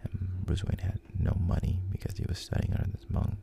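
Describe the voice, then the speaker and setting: A man softly retelling a story, unhurried, with frequent pauses and restarts. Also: low voice, monotone, vocal fry, slight background noise. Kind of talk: whispered storytelling.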